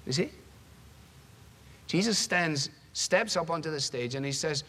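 A man preaches a sermon in an emphatic, rhetorical style, building his points through repetition. His voice sits a little high for a man. The sound rings with the long reverb of a large hall. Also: animated, fairly bright tone. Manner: emphatic, dramatic pacing with slowed stressed phrases; repeats phrases for rhetorical build.

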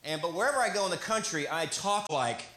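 A man from the American Midwest doing a stand-up comedy set, animated and slipping into silly voices for his jokes. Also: high voice, brisk. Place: comedy club stage before a laughing audience. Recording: roomy live club recording with audience noise.

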